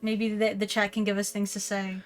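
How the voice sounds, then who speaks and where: A woman chatting casually as a stream co-host, soft-spoken and giggly. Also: mid-range voice, completely flat delivery, brisk. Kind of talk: casual chat.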